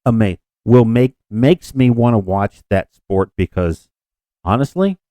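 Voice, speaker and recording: A man's voice: on the low side, unhurried, warm tone, dry recording. A man co-hosting a podcast in casual chat, rambling and self-deprecating with frequent restarts. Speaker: podcast co-host.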